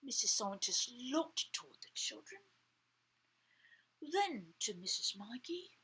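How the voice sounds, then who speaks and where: A woman reading a story aloud to children, animated, often dropping to a whisper to ask the listener questions. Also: mid-range voice, takes it slowly, breathy edge, poor audio.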